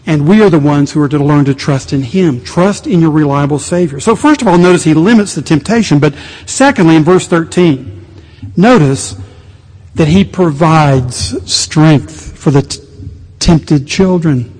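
A man's voice: on the high side, measured pace. Preaching man in a reverberant hall. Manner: animated preaching with sudden quiet asides. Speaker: pastor. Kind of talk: sermon. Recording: long reverb of a large hall.

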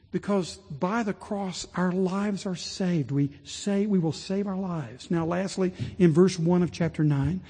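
A man preaching a sermon as pastor, rising to impassioned pleading and dropping low and slow. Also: warm tone, husky. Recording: long reverb of a large hall.

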